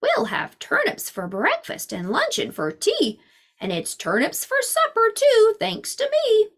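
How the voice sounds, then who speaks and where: A woman's voice: extremely high pitch, wildly swooping pitch, unhurried, voice pushed up, exaggerated voice. A woman voicing a farmer man who boasts about his turnips in a storybook read-aloud. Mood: boastful.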